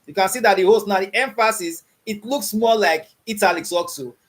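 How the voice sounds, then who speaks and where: A man whose voice sits high and moves a little fast teaches coding to beginners online. He frequently checks understanding with "you understand what I'm saying?" and poses open questions, quizzing the class with "what?"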